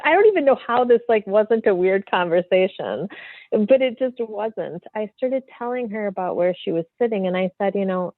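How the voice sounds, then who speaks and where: A woman medium, a podcast guest, telling a story in a free-flowing, animated way full of fillers. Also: medium pitch, moderate pace, no room sound. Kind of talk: casual storytelling in an interview. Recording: tinny phone-like line, dry.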